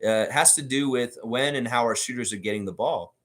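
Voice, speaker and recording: A man's voice: mid-range voice, a little fast, fairly bright tone. A man hosting a live fan stream, reading viewer comments aloud and reacting to them in casual commentary. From Canada.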